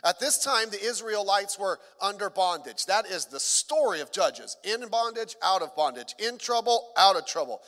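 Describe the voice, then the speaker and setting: Middle-aged man, pastor, sermon, high voice, long hall reverb, chatty with jokes. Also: very animated, moderate pace, hardly any pauses, a bit bright. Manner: conversational, joking asides, repeats words.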